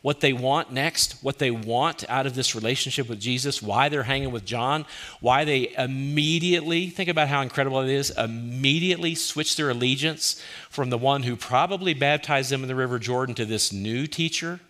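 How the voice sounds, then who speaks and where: Male pastor delivering a sermon; bright, forward tone, mid pitch, heavy use of rhetorical questions and hushed quotes. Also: normal speed. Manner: asks many rhetorical questions, drops soft and quiet for quoted lines.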